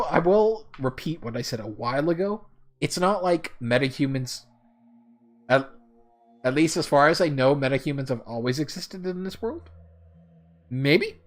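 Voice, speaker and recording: A man's voice: fairly high pitch, fairly bright tone. A man casually commenting on a game he plays, chatty and laughing at himself. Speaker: let's play host.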